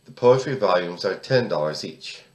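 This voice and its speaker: Speaking at normal speed in a low, expressive voice, an American man around sixty gives political commentary alone to camera. His delivery is indignant and emphatic, full of repeated words and restarted sentences, in an echoey room.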